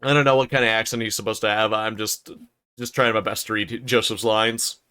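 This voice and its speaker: A man's voice: fairly low pitch, fairly even intonation, fairly quick, sharp tone, clean tone. A man reading a classic novel aloud on a livestream, with stumbles, rereads and casual asides. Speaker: streamer narrating a novel.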